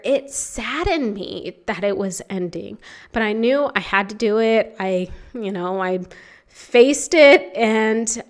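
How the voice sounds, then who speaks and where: A young adult woman hosting her own podcast, telling a personal story in a candid, emotional way with many fillers. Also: a little high. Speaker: podcast host. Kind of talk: reflective solo podcast monologue.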